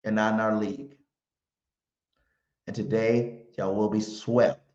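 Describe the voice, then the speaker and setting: A man's voice: lowish voice, level tone, unhurried, a little mellow. A man hosting a live fan pregame stream, talking brash, slangy trash with heavy emphasis. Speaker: sports stream host. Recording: roomy, muffled home stream audio.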